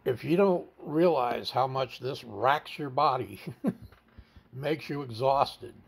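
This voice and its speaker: A man with a gravelly, fry-edged voice tells his own story in an interview. He speaks bluntly and swears casually. He often stalls and repeats words while he recounts what happened. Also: medium pitch, slow pace. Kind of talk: candid personal storytelling.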